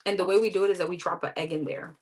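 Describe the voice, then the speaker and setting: A woman's voice: fairly low pitch, steady tone, racing, a little mellow, husky, low-quality recording. A woman giving live tarot readings in a candid, chatty way, talking straight to her viewers. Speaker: tarot reader.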